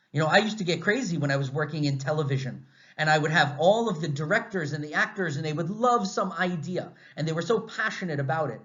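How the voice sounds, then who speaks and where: An American man lecturing a class in a conversational, animated way, asking lots of rhetorical questions. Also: on the high side, quick pace. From United States. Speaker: university lecturer. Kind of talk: recorded lecture. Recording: slightly dull, muffled audio.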